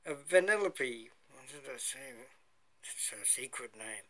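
A man vlogging casually while he stretches, playful and laughing often as he gives shout-outs. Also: mid-range voice, animated, measured pace, very noisy. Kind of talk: casual chat during a stretching routine.

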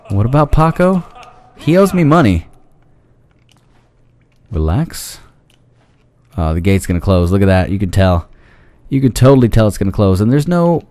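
A man's voice: sits low, warm tone. A man giving goofy gameplay commentary, talking back to the enemies on screen, yelping and pleading with them when the fight goes badly. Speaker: let's play commentator.

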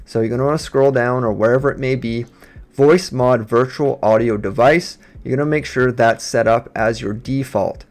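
Man streamer, casual tutorial walk-through, plain mid-pitch voice, USB desk mic. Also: moderate pace, a little mellow. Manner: casual step-by-step instructions. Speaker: gaming streamer. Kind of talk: software setup tutorial. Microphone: USB desk microphone.

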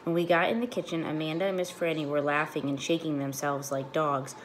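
A woman teacher reading a children's chapter book aloud to her class, clear and expressive. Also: deep voice, a little fast, slight background noise.

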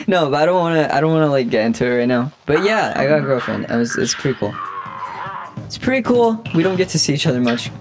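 Young streamer, lively swinging voice, laughs and swears through live gameplay with music behind. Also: medium pitch, quick pace. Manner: laughs often, swears freely, teasing. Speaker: game streamer. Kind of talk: casual live gameplay commentary.

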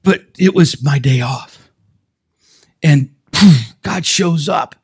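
A man in his sixties preaching a sermon as a pastor, telling stories in an animated way and breaking into shouts. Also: on the high side, slow, slightly rough. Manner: animated storytelling, bursts into shouts.

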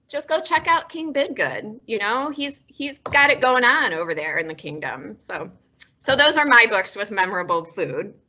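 A woman's voice: on the high side, sharp tone, dull audio. A woman librarian hosting a casual book talk, chatty and self-deprecating, often laughing. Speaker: librarian and host.

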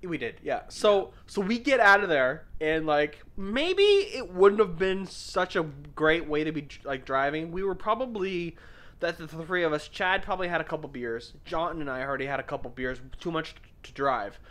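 A man's voice: fairly high pitch, normal speed. A young man hosting a podcast, telling a party story in casual chat and acting out the quotes. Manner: animated, swearing, acts out quotes. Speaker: podcast host.

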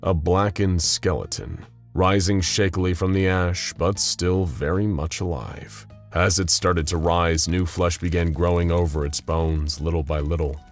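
A man with a very deep voice tells a scripted story, pacing it for drama. A faint music bed plays beneath his narration. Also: fairly even intonation, unhurried.

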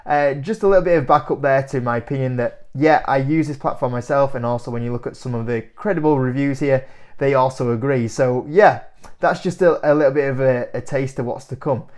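Animated young man on camera. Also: medium pitch, a little fast. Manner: animated, incredulous, laughs often. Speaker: investing YouTuber. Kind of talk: casual to-camera commentary.

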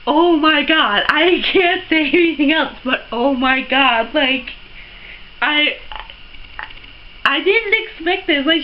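A young woman unboxing a surprise package on her vlog, gasping and gushing over every item in breathless excitement. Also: high-pitched, muffled recording, a little hiss or hum. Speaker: beauty vlogger.

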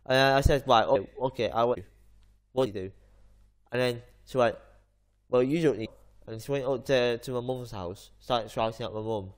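A man's voice: mid-range voice, moderate pace. Man, casual gaming chat, rambling storyteller, mid-range voice. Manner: rambling anecdote full of fillers and restarts. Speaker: gaming channel host.

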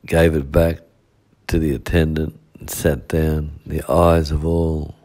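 Slow deep-voiced pastor preaching. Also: male voice, level tone, warm tone. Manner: preaching with repetition and rhetorical "eh?". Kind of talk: midweek sermon.

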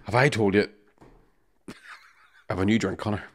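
A man, co-hosting a podcast, telling profane stories at a rapid clip and often laughing. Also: fairly low pitch, steady tone, a little hiss or hum. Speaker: podcast co-host. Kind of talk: casual storytelling chat.

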